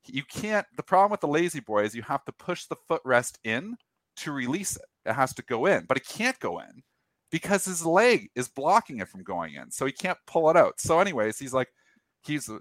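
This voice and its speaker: A man's voice: mid-range voice, no echo. Dry-sounding man telling a story. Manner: animated anecdote with acted-out quotes and restarts. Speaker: show host. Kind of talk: casual storytelling on a market show.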